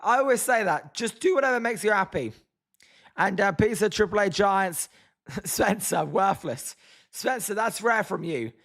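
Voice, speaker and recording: A British man with a high, light voice calls the game live and chats with viewers between pitches. His voice is hoarse and tired, and his delivery stays loose and conversational, with plenty of complaints about the team. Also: lively intonation, a little slow, a bit bright. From Britain. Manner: chatty, reads chat names, groans at the team. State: hoarse, voice tiring. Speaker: livestream host. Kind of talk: casual live watch-along commentary.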